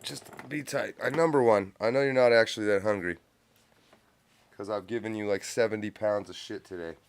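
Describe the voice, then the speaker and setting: A man's voice: fairly low pitch, a little fast, clean tone. A man hosting a live stream, giving blunt, profane reaction commentary from a home studio, close on a mic with a pop filter. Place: home studio with a cat nearby.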